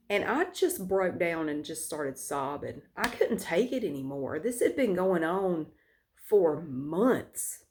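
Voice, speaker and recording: A woman's voice: lowish voice, sing-song, measured pace, a little mellow. Frank, salty-mouthed woman telling a story. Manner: candid, frank with casual swearing. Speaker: vlogger. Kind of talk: personal storytelling.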